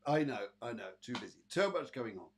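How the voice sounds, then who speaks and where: A man's voice: mid-range voice, very animated, fairly quick, slight background noise. A British man hosting a live online psychic show, chatting casually with viewers and giving readings with lots of fillers. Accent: British English. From Britain. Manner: chatty, addresses viewers by name, many fillers. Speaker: psychic medium and show host.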